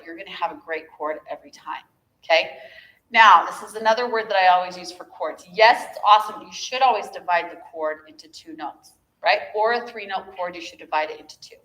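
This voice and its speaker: Pushed and bright, her medium-pitched voice carries through an echoey room with an instrument playing. She's leading a viola masterclass, explaining bowing technique and adding chatty words of encouragement.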